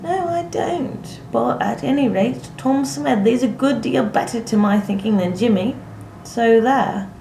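A woman's voice: on the high side, unhurried, vocal fry, mellow, voice pushed up. A woman reading aloud, voicing a bossy young country woman who scolds in a blunt rustic dialect, in an echoey room with faint noise.

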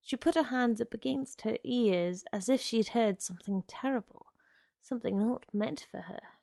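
A woman narrating literary fiction in a measured, hushed, low-key manner. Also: gravelly, dry recording, studio quality.

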